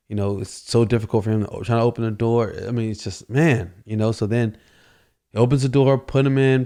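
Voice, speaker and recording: A man's voice: fairly low pitch, mellow, smooth. A man hosting a podcast, telling a casual story and rambling with constant "you know" fillers. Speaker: podcast host.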